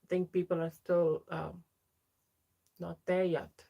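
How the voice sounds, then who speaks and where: A young trans woman talks casually on her livestream, reading out viewers' names and replying to each one. Her voice sits on the low side. She sounds close to a home streaming mic. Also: level tone, takes it slowly, vocal fry, mellow. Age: young adult. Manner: chatty, reads out viewer names and answers them. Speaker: livestream host.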